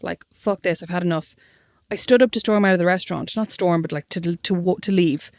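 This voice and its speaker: Woman, Irish accent, young adult, podcast co-host, quick pace, dry close sound, animated self-mocking storytelling. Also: on the low side, no echo. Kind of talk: casual chat, storytelling.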